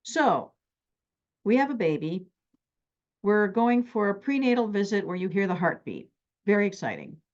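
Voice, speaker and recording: A middle-aged woman therapist teaches with lively, extroverted energy, often acting out her own stories. Her voice sits at an ordinary pitch, and the recording is a bit dull and lo-fi. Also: moderate pace, long pauses. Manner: animated, extroverted, acts out anecdotes.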